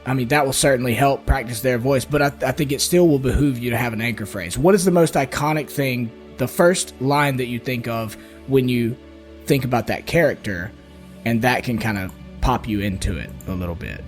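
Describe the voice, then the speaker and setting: A man's voice: medium pitch, fairly quick, soft background music. A middle-aged man from the US South, co-hosting a tabletop podcast in loose, profane casual chat. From Mississippi, US South. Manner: loose and profane, full of "like" and "you know". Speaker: podcast co-host, game master.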